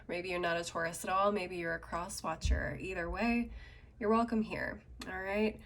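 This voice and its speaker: A woman's voice: fairly low pitch, fairly even intonation, normal speed, a bit bright, slight background noise. A woman with a cold, sounding congested, giving a casual tarot reading and musing aloud over the cards. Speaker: tarot reader.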